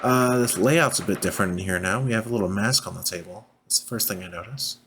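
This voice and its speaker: A man's voice: lowish voice, fast, a bit bright, a little hiss or hum. A man giving casual, chatty gameplay commentary with self-mocking asides. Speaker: let's play host.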